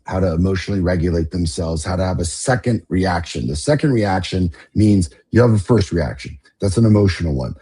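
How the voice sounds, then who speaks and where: A man's voice: low voice, warm tone, breathy edge. A middle-aged man hosting a podcast, talking in a passionate, profane rant that builds to emphatic outbursts. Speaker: podcast host.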